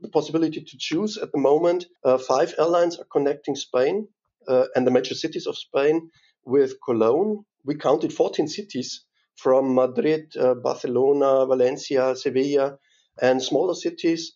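A man's voice: medium pitch, normal speed, mellow, muffled recording. A man from Bavaria with a German accent, a tourism board chief answering interview questions in English, hesitant with many fillers. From Bavaria, southern Germany. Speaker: tourism board CEO, guest.

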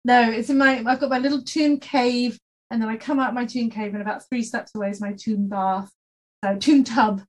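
A woman guest on a podcast, talking in a playful, animated, self-mocking way. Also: fairly high pitch, moderate pace. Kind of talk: podcast interview.

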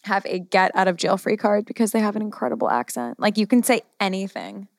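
An American woman hosts a casual interview, with a gravelly vocal fry running through her talk. She is chatty and effusive, and the recording is dry and close. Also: mid-range voice, very animated, fairly quick, dry recording. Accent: American English. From United States. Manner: chatty, effusive, personal anecdotes. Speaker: interview host.

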